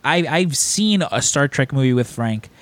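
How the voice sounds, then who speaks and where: A man hosting a podcast, telling stories in a loose, rambling way. He jumps up into raised, animated voices when he quotes other people. His voice sits at an ordinary middle pitch for a man. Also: normal speed. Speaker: podcast host. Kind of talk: casual storytelling chat.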